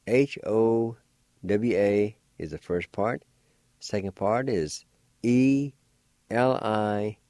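A man's voice: on the low side, warm tone, no echo, clean studio sound. A man teaching a radio language lesson, patiently spelling out words syllable by syllable and encouraging learners to practice.

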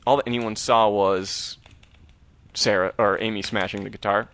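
A man's voice: lowish voice, normal speed. Man animatedly recapping a horror episode. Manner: animated retelling with acted-out quotes. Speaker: podcast co-host. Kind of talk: casual recap chat.

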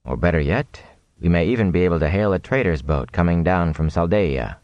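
A man's voice: sits low, lively intonation, a little mellow, no echo, muffled recording. A man reading an audiobook, voicing a composed, commanding sorceress who speaks without urgency. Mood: calm. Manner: unhurried, composed.

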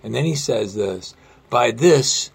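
A man preaching a sermon in an earnest way, slowing down and dropping his voice very low on quoted lines. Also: animated, vocal fry, slightly rough. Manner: earnest, slows and drops to near-whisper on quotes. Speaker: pastor.

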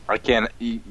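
A man chatting casually on a prank call show, giggly and halting. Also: mid-range voice, fairly bright tone. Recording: dull phone-call audio with faint hiss.

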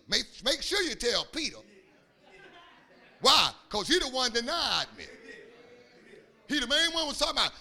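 A man pastor preaching a sermon, acting out quotes and building to loud shouts. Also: very high-pitched, big pitch swings, moderate pace, pauses often. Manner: preaching with call-and-response rhythm and acted-out quotes, rising to shouts.

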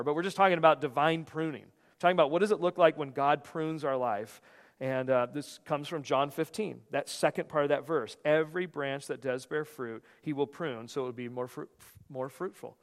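A male pastor delivers a sermon in a middle-pitched voice, storytelling with lively energy and plenty of restarts. His words ring out with a long reverb, as in a large church sanctuary. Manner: animated storytelling with frequent restarts.

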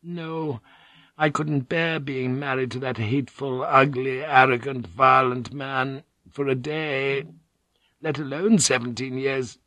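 A man voicing a courteous, gently effusive middle-aged noblewoman in an audiobook, speaking softly. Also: mid-range voice, fairly even intonation, takes it slowly, dry recording. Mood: admiring. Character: gracious middle-aged Japanese noblewoman, gossipy and sly. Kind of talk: audiobook character voice.

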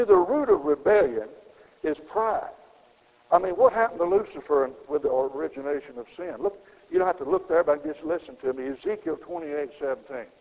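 Man, gravelly voice, lively pitch swings, folksy preaching, echoey church hall. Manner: folksy preaching with sudden high emphatic rises. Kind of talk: sermon.

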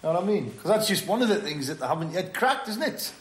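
An actor playing a blunt, crude builder in a television drama. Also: male voice, high-pitched, very animated, fast, slight background noise. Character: loud crude Geordie builder, man, adult. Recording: roomy TV audio.

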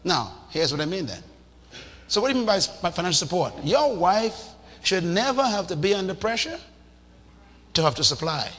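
Animated preacher man in an echoing hall. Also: high voice, normal speed. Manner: animated, acts out scenes, shouts for emphasis. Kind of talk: sermon. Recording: reverberant hall with faint noise.

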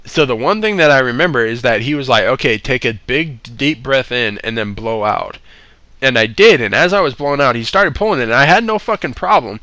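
A man's voice: mid-range voice, lively intonation, brisk, bright, forceful tone, no room sound, lo-fi sound. A man casually telling a story, swearing a lot and laughing between lines.

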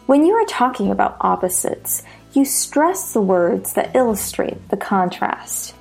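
A woman with an American accent teaching pronunciation, slowly repeating example sentences and stressing the key words. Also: medium pitch, very animated, vocal fry, darkish tone, soft background music. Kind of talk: slow, deliberate lesson with spoken examples.

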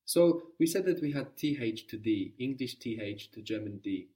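A man's voice: medium pitch, expressive, normal speed, mellow, distant mic. A man teaching a guided language lesson, patiently prompting his student with questions.

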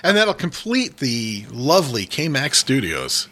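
A man from New England, guest on a radio show, chatting casually and laughing between quick jokes. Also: medium pitch, huge pitch swings, bright, forceful tone. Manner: laughing, joking, doing quick impressions. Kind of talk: casual chat.

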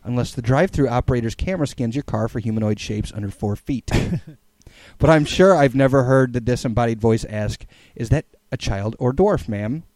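Man reading a comic blog, mellow voice. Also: mid-range voice, a little fast, dry recording. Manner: playful, animated storytelling. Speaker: podcast host reading a blog aloud. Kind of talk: dramatic comic reading with chat.

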